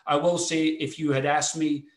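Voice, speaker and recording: A man's voice: on the high side, little pitch movement. Scottish man in an echoey room. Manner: halting, repeats words while building a point. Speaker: foundation executive, panelist. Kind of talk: panel discussion.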